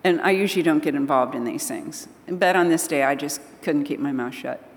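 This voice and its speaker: An older woman with a fairly low voice tells personal stories to a church audience. She is lively and animated, playing out each conversation. Her voice rings with long reverb, as in a large hall. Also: brisk. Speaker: speaker at a church gathering. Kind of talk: storytelling talk to an audience.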